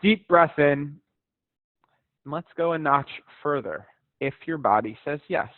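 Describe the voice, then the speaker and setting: A man coaching a live stretching class in a relaxed, encouraging voice, chatting easily between cues. His voice comes through a narrow, phone-like video call with a dry, close sound. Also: on the high side, unhurried, no room sound. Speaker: fitness instructor.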